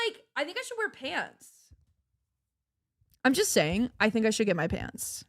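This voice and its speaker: A woman's voice: fairly high pitch, huge pitch swings, measured pace, long pauses, dry recording, clean studio sound. A woman chatting casually on a live stream, playful and giggly, laughing often, her voice cracking. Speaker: livestreamer.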